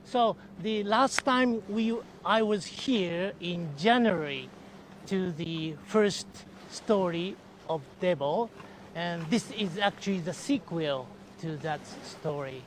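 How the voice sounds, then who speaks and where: A man guiding a live-streamed walking tour outdoors by a lake. He speaks haltingly with many fillers, and sounds excited when greeting viewers. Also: sits high, background noise. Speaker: live virtual tour guide.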